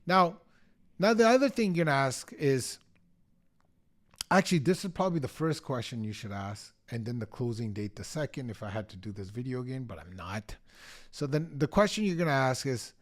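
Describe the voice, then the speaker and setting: A middle-aged man gives real estate tips straight to the camera at a mid pitch. He drives each point home with punchy emphasis and slips into quick acted snippets of clients and agents. His delivery is energetic and direct. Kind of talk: energetic coaching talk to the camera.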